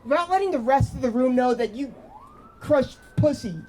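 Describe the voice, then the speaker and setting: Man doing a brash stand-up set, high pitch, packed noisy room, crowd roaring. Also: expressive, normal speed. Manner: brash, sardonic, mock-earnest. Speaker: stand-up comedian. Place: comedy club stage. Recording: live club with loud crowd laughter and noise.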